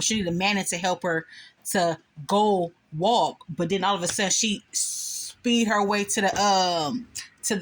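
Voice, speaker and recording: A woman giving casual spoken commentary on a show episode, retelling scenes and acting out the lines of the characters in quick quoted bits. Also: mid-range voice, fairly bright tone. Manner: chatty, recounts scenes with quoted voices.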